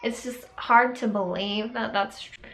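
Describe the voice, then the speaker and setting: A young woman telling a personal story to camera in a casual vlog, halting and reflective, with many fillers and pauses. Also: a little high, a bit bright, low-quality recording. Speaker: vlogger.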